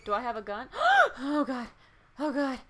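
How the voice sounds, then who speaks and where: A woman with a high voice plays a horror game for a let's play, reacting aloud at normal speed. She's frightened, swearing, gasping, and laughing nervously.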